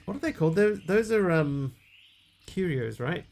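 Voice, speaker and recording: A man's voice: high-pitched, expressive, brisk, a little mellow. A man playing a game on a live stream, chatting casually with viewers and yelping aloud whenever his character takes a hit.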